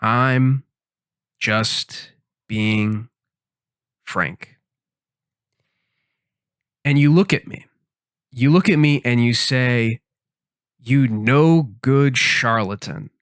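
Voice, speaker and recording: Slow, dry-voiced man musing mock-seriously. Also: medium pitch, clean tone, no echo. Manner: mock-serious, tangential deadpan reasoning. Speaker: podcast host. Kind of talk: rambling comic monologue while gaming.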